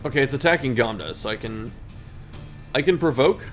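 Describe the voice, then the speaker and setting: Male game host, mid-pitched, reads story text and jokes about his own misplays over faint music. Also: fairly quick. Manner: self-deprecating, laughs at own mistakes. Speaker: gaming video host. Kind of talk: reading game text aloud and playing commentary.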